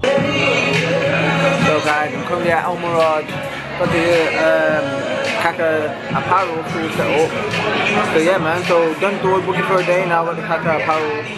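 A man's voice: on the high side, level tone, moderate pace, loud music behind the voice, a loud crowd. A young man with a Midlands English accent, chatting loosely to his vlog camera. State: tired. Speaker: vlogger. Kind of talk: casual vlog talk. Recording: noisy handheld camera audio.

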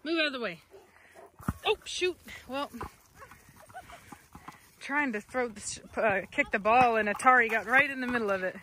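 A woman's voice: on the high side, animated, normal speed, pauses often, bright, forceful tone, slight background noise. A woman, filming a casual vlog outdoors as she plays with her dogs, laughing and calling commands to them.

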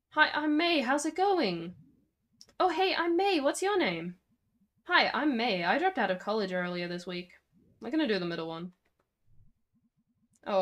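A woman voicing a sardonic, awkward young college dropout in a game, with a deadpan, self-mocking delivery. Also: mid-range voice, natural voice.

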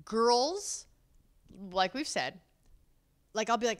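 A woman co-hosting a casual chat, animated and acting out both sides of an argument as she talks. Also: a little high, a little slow, long pauses. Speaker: podcast co-host.

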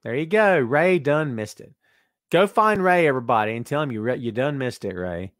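Speaking at normal speed with a mid-range voice, a podcast host keeps his live-stream chat casual, reading comments aloud and bantering directly with viewers in an excitable, jokey manner. It's recorded in clean studio sound without room reverb.

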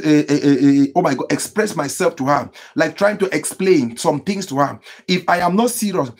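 A man's voice: on the high side, normal speed, few pauses, a little mellow, breathy edge. A man preaching on a live stream as pastor, exclamatory, greeting viewers by name and repeating phrases. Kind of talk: live-stream sermon and prayer.

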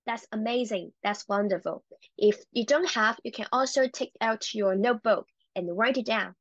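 Woman teacher, encouraging, repeats words for learners, fairly high voice, dry dull recording. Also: no room sound. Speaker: Chinese language teacher. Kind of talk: online language lesson.

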